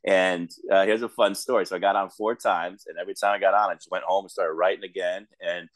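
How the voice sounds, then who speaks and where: A man, a stand-up comedian, telling stories on a podcast, laughing often and getting animated when he quotes people. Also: low-pitched, quick pace, no echo. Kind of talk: casual podcast chat.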